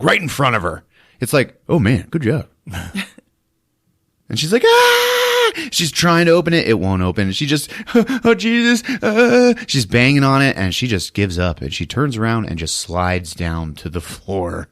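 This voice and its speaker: A man's voice: on the low side, no echo, clean studio sound. A man hosting a podcast, retelling a movie casually, laughing often and acting out the characters' lines. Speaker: podcast host.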